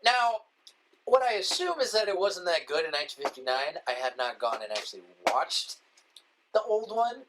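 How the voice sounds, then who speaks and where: A man co-hosting a loose movie podcast, his voice sitting a bit high and swinging widely as he rants. He swears freely and mocks plots by acting them out in sarcastic asides. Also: normal speed, noisy background. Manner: animated, swearing, mocking retellings. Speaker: podcast co-host. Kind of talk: casual podcast chat about movies.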